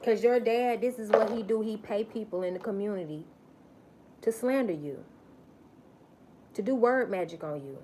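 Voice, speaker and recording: A woman's voice: medium pitch, moderate pace, pauses often, warm tone, a little hiss or hum. A woman giving a live-stream spiritual message, emphatic and preachy, repeating phrases for stress.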